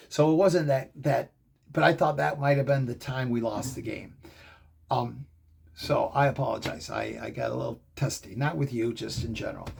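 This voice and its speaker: Excitable gravelly middle-aged man. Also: on the high side. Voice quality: gravelly, husky. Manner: excitable, rambling storytelling. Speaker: fan show host. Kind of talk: casual fan commentary.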